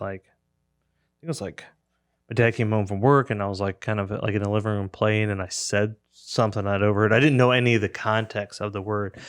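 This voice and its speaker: A man's voice: fairly low pitch, clear, resonant tone, no echo, studio quality. A man hosting a podcast in loose casual chat, wandering through his thoughts as he talks. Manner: rambling, full of restarts and fillers. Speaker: podcast host.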